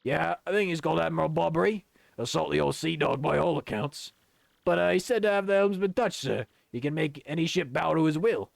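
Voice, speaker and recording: A man voicing a rough-spoken sailor deckhand while playing a video game. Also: fairly high pitch, a little fast, no echo, studio quality. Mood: eager.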